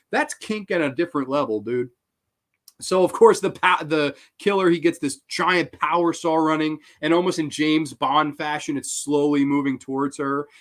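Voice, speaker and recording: Male horror reviewer host, higher voice, swings up and down a lot, swears freely. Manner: animated, profane, excitable. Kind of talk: casual film review monologue.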